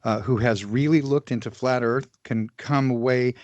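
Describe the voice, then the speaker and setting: A man's voice: mid-range voice, steady tone, darkish tone, no room sound. Guy chatting on a podcast, lots of ums and restarts, kinda dull dry lo-fi sound. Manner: halting, many fillers and restarts. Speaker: podcast guest. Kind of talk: casual podcast conversation.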